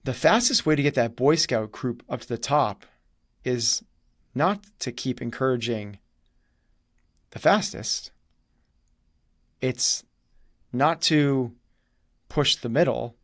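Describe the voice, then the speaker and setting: A man's voice: mid-range voice, lively intonation, takes it slowly, pauses often, dry recording, studio quality. A man telling a story in conversation, acting out quoted dialogue as he goes. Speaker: guest.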